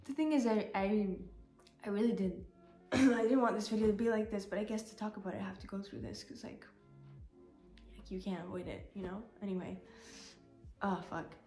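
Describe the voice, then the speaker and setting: A woman's voice: mid-range voice, fairly quick, dark tone. A woman vlogger giving a candid, rambling personal update, often saying "like", at times tearful. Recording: roomy echo, faint music.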